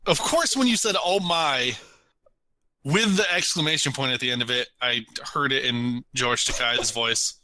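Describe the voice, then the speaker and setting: A young man co-hosting a podcast, animated and laughing often in casual chat. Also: mid-range voice, normal speed, no echo, rough recording. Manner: animated, laughs a lot, jumps into mock voices. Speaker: podcast co-host.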